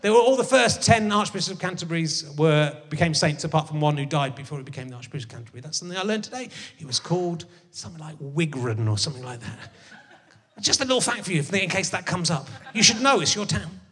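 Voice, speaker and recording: A man's voice: fairly high pitch, very animated, quick pace, fairly bright tone. A man hosting a live comedy chat show, jokey and teasing, on a handheld mic in a theatre. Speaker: host. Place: theatre stage before a live audience. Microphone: handheld microphone. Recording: reverberant theatre hall.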